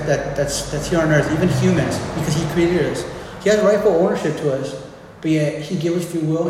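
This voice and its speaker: A man's voice: fairly high pitch, darkish tone, a little hiss or hum. A man giving an informal, conversational sermon, often restarting and repeating words as he explains. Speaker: preacher. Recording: echoey hall with faint ambience.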